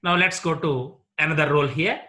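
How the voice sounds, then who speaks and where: A man teaching an English lesson on word stress, slowly and deliberately repeating example words one at a time. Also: a little high, pushed and bright. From India. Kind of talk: classroom lecture on word stress.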